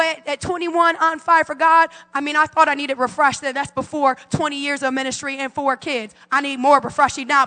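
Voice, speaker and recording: High bright-voiced woman preaching in a hall. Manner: fervent preaching with call-and-response. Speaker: pastor. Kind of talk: sermon. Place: church sanctuary.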